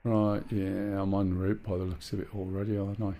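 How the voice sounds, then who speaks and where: A man with a low, gravelly, dark voice talks through a live flight-sim session. He chats with opinions between moves and explains each control input step by step. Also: flat delivery, brisk, a little hiss or hum. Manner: chatty and opinionated. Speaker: streamer flying a helicopter in a flight sim. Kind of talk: live gameplay commentary.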